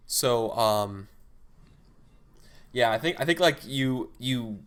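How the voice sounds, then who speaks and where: A man running a tabletop game as game master, narrating events in a halting, casual way with repeated starts. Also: mid-range voice, animated, smooth.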